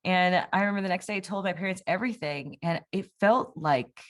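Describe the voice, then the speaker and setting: A young woman with a fairly low voice talks briskly as an interview guest. She gives a personal testimony in casual conversation, candid and rambling, with plenty of fillers and restarts.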